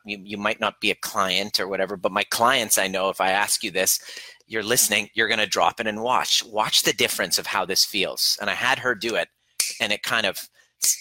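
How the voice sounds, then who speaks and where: A man speaking as a relationship coach, his voice very bright and forceful. He talks earnestly and with emphasis, acting out his client sessions as quoted dialogue. The recording is dry and close, with no room sound. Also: lowish voice, brisk, no echo, low-quality recording. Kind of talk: coaching talk to camera.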